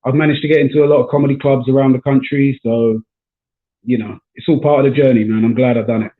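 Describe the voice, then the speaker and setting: A man's voice: mid-range voice, fast talker. A man from South London with a South London accent, a stand-up comedian chatting casually on a video call. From South London, England. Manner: relaxed, chatty, says man and bro often. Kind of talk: casual chat. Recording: echoey, tinny call audio.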